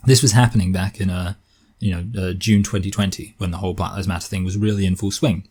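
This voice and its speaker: A man's voice: low voice, steady tone, fast, darkish tone, breathy edge. A young man with a posh English accent gives an argumentative opinion monologue, rambling and often correcting himself. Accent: posh southern English.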